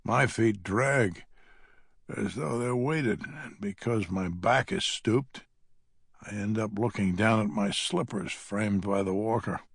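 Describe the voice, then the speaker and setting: A man's voice: fairly low pitch, slow pace, vocal fry, breathy edge, no room sound, clean studio sound. A man narrating an audiobook in the first person, with a wry, grumbling manner.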